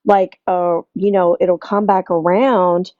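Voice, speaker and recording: A woman's voice: on the low side, flat delivery, takes it slowly, no echo, narrow, tinny audio. A woman with a Southern US accent, a teacher from Tennessee, asking a long, rambling question full of fillers on a live stream.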